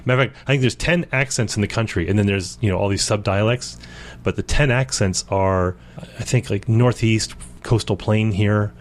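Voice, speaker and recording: A man's voice: on the low side, normal speed, slight background noise. A man from Central Maryland co-hosting a casual podcast chat at a kitchen table, rambling and talkative. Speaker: co-host.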